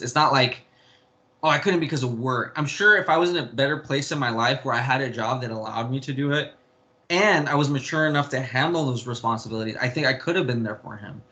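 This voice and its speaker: Bright-voiced man telling a personal story. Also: mid-range voice. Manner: rambling, frequent restarts and swearing. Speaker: interview guest.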